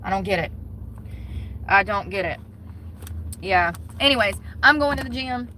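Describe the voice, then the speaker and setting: A Southern woman vlogs in a blunt, heated rant and swears without a second thought. Her voice has a bright, cutting edge. Faint vehicle noise hums underneath. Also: mid-range voice, expressive, normal speed. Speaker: vlogger. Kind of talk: casual ranting vlog.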